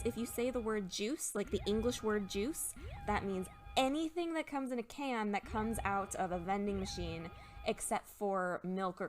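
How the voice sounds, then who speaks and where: A young woman hosting a casual game playthrough, chatty and thinking aloud as she looks words up at her computer. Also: medium pitch. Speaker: let's play host. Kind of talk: casual game commentary, explaining Japanese words.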